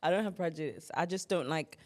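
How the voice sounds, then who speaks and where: A woman's voice: sits low, fast talker. A young woman from Kent hosting a podcast, chatting casually, blunt and opinionated, acting out friends' voices between laughs. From Kent, England. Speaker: podcast host.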